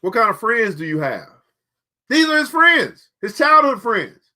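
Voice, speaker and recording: A man's voice: very high voice, very animated, a little slow, bright, forceful tone. A man hosting a show, giving motivational commentary between book readings, preachy and repeating key phrases for emphasis. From United States. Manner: colloquial, addresses listeners directly. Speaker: show host.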